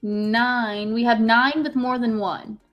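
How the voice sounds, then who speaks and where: A woman's voice: a little high, fairly even intonation, slow pace, muffled recording, soft background music. A young woman co-hosting a casual live stream, rambling and swearing as she tallies votes. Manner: rambling, swearing, tallying aloud. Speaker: podcast co-host.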